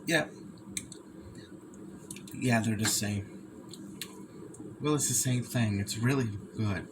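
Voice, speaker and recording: Halting young man, noisy home recording. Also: fairly low pitch. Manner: halting, stumbles over words and repeats himself. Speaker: food reviewer. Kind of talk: casual food review vlog.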